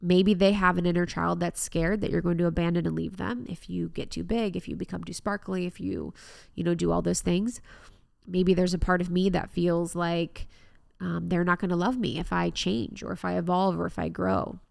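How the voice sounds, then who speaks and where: Young female podcast host, lowish voice with vocal fry, earnest and reflective, dry close mic. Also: fairly even intonation, moderate pace, no echo. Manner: warm, earnest, reflective self-help talk. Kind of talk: solo podcast monologue.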